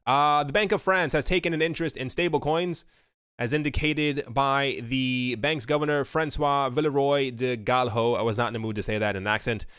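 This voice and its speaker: A man's voice: mid-range voice, moderate pace, fairly bright tone, clear, resonant tone, dry recording, clean studio sound. A man commenting casually and with strong opinions on crypto news, talking loosely with many fillers and restarts. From United States. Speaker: crypto video host.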